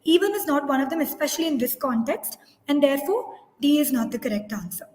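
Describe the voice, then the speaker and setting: A woman's voice: high-pitched, lively intonation, fast talker, a little mellow. A woman presenting a teachers' webinar, reading out live poll results and explaining answers step by step, often correcting herself mid-sentence. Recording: echoey room with long reverb.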